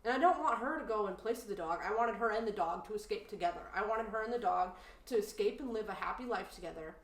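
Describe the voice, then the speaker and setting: A woman's voice: medium pitch, quick pace, distant mic. A woman co-hosting a casual podcast chat, telling stories with lots of "like" fillers and getting worked up. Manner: animated, indignant storytelling with many "like" fillers. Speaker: podcast co-host. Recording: roomy, from off-mic.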